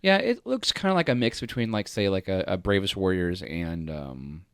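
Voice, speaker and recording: Low-voiced, lively male co-host. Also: normal speed, clear, resonant tone, no room sound, clean studio sound. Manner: easygoing, laughs often. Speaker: podcast co-host. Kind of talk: casual chat.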